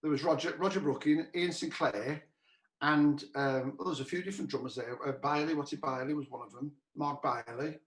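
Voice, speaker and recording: A man's voice: a little high, steady tone, fairly quick. A man hosting a cabaret chat show, casually telling a rambling anecdote with many restarts over a video call. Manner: rambling, repeats "he said", restarts often. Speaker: cabaret musician host. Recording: roomy echo.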